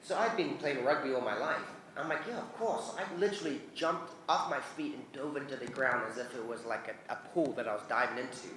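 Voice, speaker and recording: Animated New Zealand man in a roomy hall. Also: medium pitch, brisk, hardly any pauses, slight background noise. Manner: lively, acts out voices in his anecdotes, laughs often. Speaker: convention guest. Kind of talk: animated storytelling Q&A. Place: convention hall.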